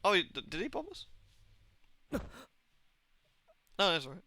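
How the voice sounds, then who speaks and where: A young man with an accent that mixes Birmingham and Southwest England, joking loosely with chat as he plays. His voice is bright and bouncy, rising and falling a lot. The sound is dry and close. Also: high voice, very animated, unhurried, no echo. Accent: mix of Birmingham and Southwest England. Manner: chatty, jokey, laughs often. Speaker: streamer. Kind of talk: casual gaming commentary.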